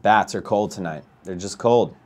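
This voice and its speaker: A man playing a baseball video game live, chatting with viewers and ranting with a voice that climbs high when he gets outraged. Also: moderate pace. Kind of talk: live gameplay commentary and chat.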